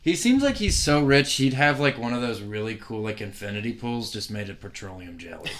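A man's voice: on the low side, animated, brisk, a bit bright, slight background noise. A man, a comedian, telling stories in casual podcast chat, rambling with many fillers and frequent laughs. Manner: rambling, full of "like", often laughing.

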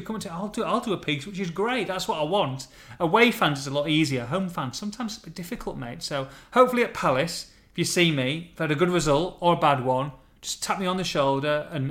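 Man, podcast host, banter, quick, slightly high. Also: expressive, fairly bright tone. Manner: chatty, banterous, calls people mate. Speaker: podcast host and fan interviewer. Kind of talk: casual chat.

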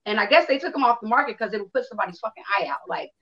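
A Chicago woman in her fifties tells listeners a personal story, candid and animated, acting out quotes and swearing freely. Her voice is fairly high and very fast, and the recording has its highs cut off.

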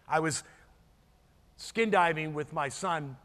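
A man's voice: on the high side, expressive, slow, fairly bright tone, long reverb tail. A middle-aged man preaching a sermon as pastor, earnest and storytelling, often restarting and repeating words.

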